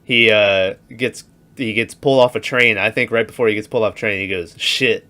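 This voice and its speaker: A young man co-hosts a casual movie podcast, recapping scenes in an easygoing way. His voice has a bright, forward tone, and he often breaks into laughter. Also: fairly low pitch, fairly even intonation, fairly quick. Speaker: podcast co-host. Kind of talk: casual movie review chat.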